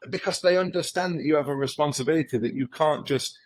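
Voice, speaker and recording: A man's voice: fairly high pitch, fast, few pauses, no echo, rough recording. A man with a British accent, co-hosting a casual conversation and using dry humor with mock dialogues. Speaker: podcast co-host.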